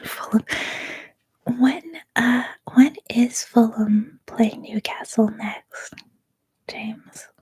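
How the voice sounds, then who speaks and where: A Canadian woman in her thirties, whispering a soft-spoken, rambling ASMR livestream chat. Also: fairly high pitch, steady tone, drawn-out words, breathy edge. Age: 30s. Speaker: ASMR streamer.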